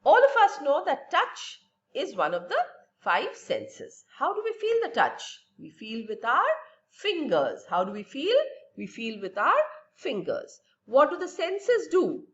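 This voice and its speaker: A woman's voice: high-pitched, huge pitch swings, measured pace, dull audio. A woman teacher giving a recorded science lesson to young children, asking and answering her own questions in a patient, lilting way.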